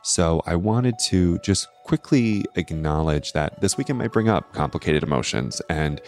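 Low-voiced guy doing an astrology talk, earnest, keeps saying "right?", soft music underneath. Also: animated, moderate pace. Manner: earnest, explanatory, often ends points with "right?". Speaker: astrology host.

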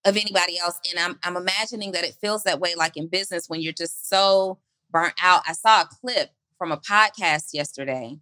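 A woman's voice: lowish voice, fairly quick, pushed and bright, no echo, low-quality recording. A woman hosting a motivational podcast, preaching through repeated rhetorical questions. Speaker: podcast host.

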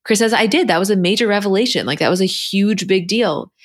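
Brisk and medium-pitched, this woman is a podcast co-host recapping a reality show episode. She's blunt and conversational, walking through scenes and repeating what the cast said.

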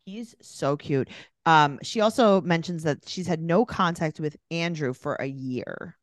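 A woman's voice: low voice, measured pace, no echo, clean studio sound. A woman co-hosting a podcast, recapping a reality show in casual chat with a sarcastic, playful manner. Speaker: podcast co-host.

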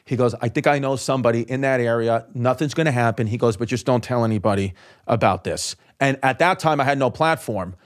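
A man, a comedian guest on a podcast, telling a story in quick, profane bursts and acting out the people he quotes. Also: medium pitch. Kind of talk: animated storytelling.

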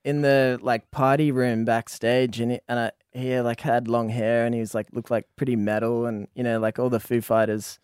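A man, a band member telling a story in a relaxed, meandering way on a radio show. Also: medium pitch, normal speed, hardly any pauses, clean tone, no echo, studio quality. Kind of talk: casual chat.

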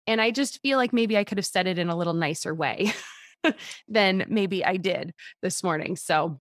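A woman's voice: medium pitch, lively intonation, brisk, fairly bright tone, no echo, clean studio sound. Chatty woman hosting a parenting talk. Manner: chatty, self-deprecating, laughs easily. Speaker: podcast host. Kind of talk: casual interview chat.

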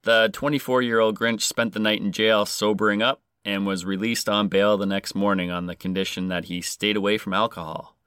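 A man's voice: on the low side, steady tone, brisk, hardly any pauses, a bit bright, smooth, no echo, studio quality. A man hosting a podcast, reading a scripted story with crude, sarcastic jokes. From Canada. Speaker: podcast host.

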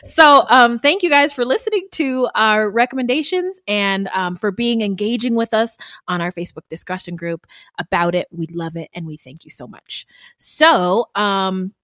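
A woman co-hosting a casual true-crime podcast, animated and profane, and she often laughs mid-sentence. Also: medium pitch, normal speed, dry recording, clean studio sound. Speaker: podcast co-host.

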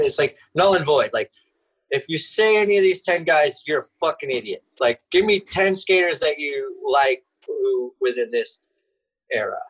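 A man's voice: a little high, slightly rough, low-quality recording. A man guesting on a podcast in casual chat, loose and profane, often laughing as he talks.

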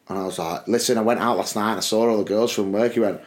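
A man's voice: lowish voice, brisk. A British man co-hosting a podcast, telling a long personal anecdote in casual chat and often breaking into laughter. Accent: British English. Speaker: podcast co-host.

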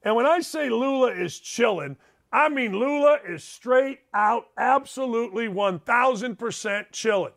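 High-pitched ranting male talk host. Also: animated, unhurried, gravelly, a bit bright. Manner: emphatic, digressive, sarcastic. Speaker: sports talk show host. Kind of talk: ranting sports talk monologue. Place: home studio.

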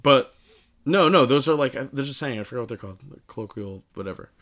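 Young male co-host, mid-pitched, chatty storyteller, filler-heavy, mimics the people he quotes. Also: fast. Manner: animated storytelling with put-on quoted voices, lots of fillers. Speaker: podcast co-host. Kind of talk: casual chat.

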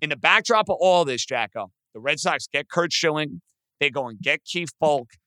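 A man with a somewhat high, smooth and bright voice in casual sports talk. He tells stories steadily, recorded dry and close. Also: normal speed, dry recording. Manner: storytelling, steady, sets up points for his co-host. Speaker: podcast co-host.

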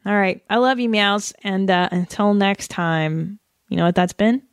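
A woman in her thirties from the United States, hosting a solo podcast in a casual, animated rant full of swearing and laughter. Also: mid-range voice, unhurried, clean tone, dry recording, clean studio sound. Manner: animated, profane, laughing often. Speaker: podcast host.

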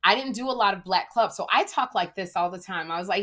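A middle-aged woman comedian, chatting casually and telling stories in a lively, joking way. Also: medium pitch, brisk. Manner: animated storyteller, lively and joking. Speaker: stand-up comedian. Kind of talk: casual podcast chat.

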